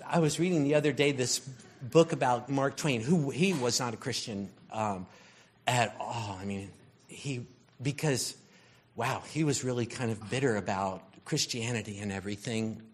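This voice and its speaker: A man delivers a conversational sermon in a husky, mid-range voice at normal speed. He tells stories loosely and ramblingly, using lots of filler words.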